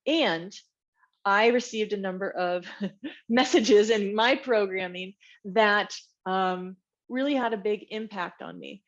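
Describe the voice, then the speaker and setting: A woman speaking as a guest in an interview, telling her own story in a candid, reflective way and acting out remembered voices along the way. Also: mid-range voice. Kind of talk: personal story in a podcast interview. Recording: dull, slightly lo-fi sound.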